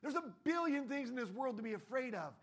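A man's voice: very high-pitched, lively intonation, fast. A man preaching a sermon in a conversational way, acting out the voices of the people in his stories. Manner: conversational, acts out voices in quotes. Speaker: pastor.

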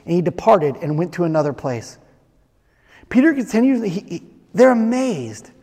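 Preaching at normal speed, a pastor uses a high, warm, sing-song voice to retell a story, performing the characters' voices, then turns to speak straight to the congregation. His sermon rings with the long reverb of a large hall.

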